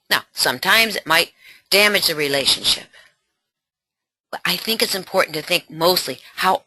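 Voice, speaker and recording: A middle-aged woman coaches parents in a webinar, animated and encouraging. Her voice is very bright and swings widely in pitch. The recording is dry and close. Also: dry recording. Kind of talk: webinar teaching.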